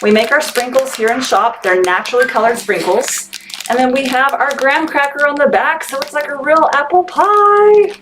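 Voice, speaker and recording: Running a candy shop sale over live stream, this Texan veteran is upbeat and chatty, thanking viewers by name. Her voice sits high at a moderate pace, against a noisy background.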